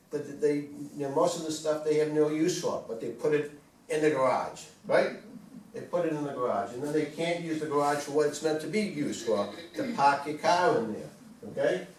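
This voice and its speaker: A man's voice: fairly high pitch, normal speed. A man presenting a wellness talk to a small group, conversational and asking the audience questions. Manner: conversational, asks the audience questions, repeats points. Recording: roomy, from far off, faint room noise.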